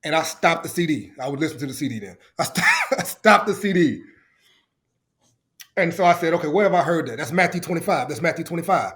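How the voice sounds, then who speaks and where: High-voiced animated man preaching. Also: fairly quick. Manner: animated storyteller, acts out quotes. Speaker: podcast guest, ministry founder. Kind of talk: enthusiastic testimony.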